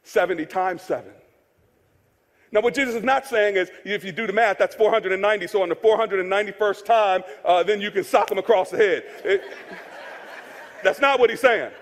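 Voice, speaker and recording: A male pastor delivers a sermon with a notably high voice for a man, mixing jokes into a chatty style and hammering key phrases through repetition. His words ring out with the long reverb of a large church hall. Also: a little fast. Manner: conversational, joking, repeats key phrases for emphasis.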